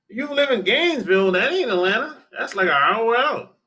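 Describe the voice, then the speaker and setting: A dating advice YouTuber chats loosely with livestream viewers from his home in Atlanta, rambling, repeating himself and swearing as he answers them. His voice is very high-pitched and bright, with lively intonation, a forceful tone and a normal pace.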